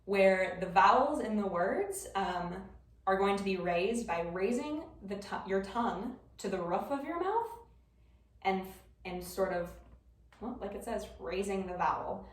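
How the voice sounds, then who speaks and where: A woman's voice: mid-range voice, lively intonation, a little slow. A young woman with a Wisconsin accent giving a casual class presentation, chatty and informal with frequent ums. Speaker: student presenter. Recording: roomy classroom from far off.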